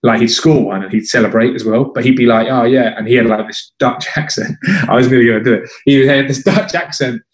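A man's voice: medium pitch, fast talker, hardly any pauses. A man telling football stories in casual chat, acting out what others said. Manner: animated, acts out quotes of others. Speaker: former footballer guest. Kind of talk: casual storytelling. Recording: roomy echo.

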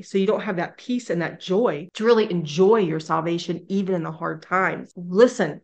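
A woman teaching a Bible study, emphatic and animated, often restarting her phrases as she speaks. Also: lowish voice, normal speed, hardly any pauses. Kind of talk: devotional teaching.

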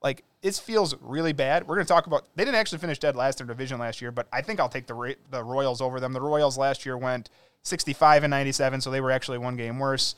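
A man co-hosting a sports podcast, chatting casually with quick, opinionated takes. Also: mid-range voice, smooth, no room sound. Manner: quick, opinionated, animated storytelling. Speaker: podcast co-host.

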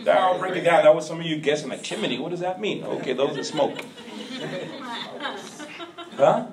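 A man preaching a sermon as pastor, in a call-and-response style that rises to shouts. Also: on the high side, moderate pace, crowd noise. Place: church sanctuary. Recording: echoey church hall from far off.

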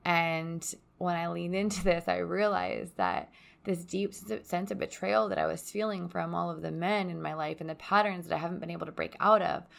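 A young woman hosting a podcast from home, speaking softly in a reflective, confessional solo monologue. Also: fairly low pitch, fairly even intonation, normal speed, creaky. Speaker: podcast host. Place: at home by a window onto a yard.

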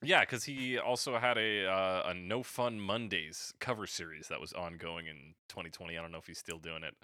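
A man's voice: sits low, fairly even intonation, normal speed, bright, forceful tone, no echo. A man co-hosting a casual music review chat, joking and swearing playfully. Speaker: podcast co-host.

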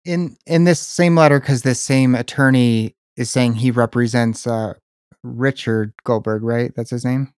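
A man interviewing a guest, asking careful, measured questions and reading documents aloud. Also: mid-range voice, steady tone, a little mellow, no room sound, studio quality.

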